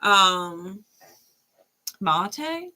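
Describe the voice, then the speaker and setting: A woman with a bright, clear tone talks through a tarot reading on a live stream. She speaks casually and conversationally, checks in with "right?" and breaks into easy laughter. Her pitch sits in an ordinary middle range. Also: very animated, drawn-out words. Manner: casual, chatty, laughs often, frequent "right?". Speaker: tarot reader.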